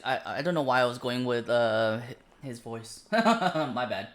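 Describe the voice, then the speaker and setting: A woman's voice: very deep voice, measured pace, few pauses, a little hiss or hum. A woman streamer chatting casually and playfully while playing a game. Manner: relaxed, playful, laughs at own slips. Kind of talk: casual game playthrough chat. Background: game music.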